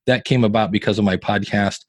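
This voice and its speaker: A man's voice: fairly low pitch, fairly quick, dry recording. A man in his fifties from Ohio, telling stories in a casual interview as a podcaster and guitarist. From Northeast Ohio. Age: 50s. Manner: chatty storyteller, animated quoting of others.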